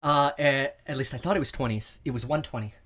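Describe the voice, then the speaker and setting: Overheated man telling animated stories. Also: mid-range voice, a little fast. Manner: animated storyteller who acts out quoted voices. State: overheated, heart racing. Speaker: guest. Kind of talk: casual interview chat. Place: inside a sauna.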